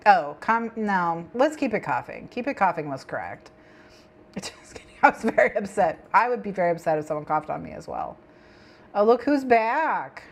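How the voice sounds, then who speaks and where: A woman's voice: medium pitch, sing-song, moderate pace. A woman hosting a co-working stream, chatting with viewers and her cat, giggling and repeating herself. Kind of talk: casual stream chat.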